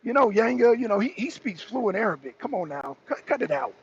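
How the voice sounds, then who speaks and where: High-voiced guy ranting back at the chat, keeps repeating himself, muffled lo-fi audio with a little hiss. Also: very animated, brisk. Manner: argumentative, repetitive, mocking. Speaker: talk show co-host. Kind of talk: heated political talk, answering chat comments. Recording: dull lo-fi stream audio with faint noise.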